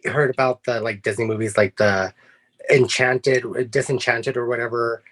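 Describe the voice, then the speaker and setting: A man guest in a casual film review chat, halting as he starts and then blunt in his opinions. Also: medium pitch, steady tone, fairly bright tone. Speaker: podcast guest.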